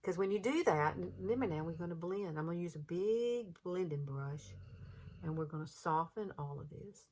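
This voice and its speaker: Southern woman, 50s, lowish voice, chatty and reassuring makeup-tutorial host. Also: expressive, moderate pace, darkish tone, slightly rough. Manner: chatty and encouraging, folksy.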